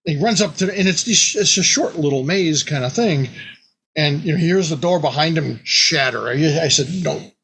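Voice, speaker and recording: Fairly high in pitch with a breathy edge, a man relates an old tabletop game tale in a relaxed, lively manner, briefly jumping into the voices of the players and the monster.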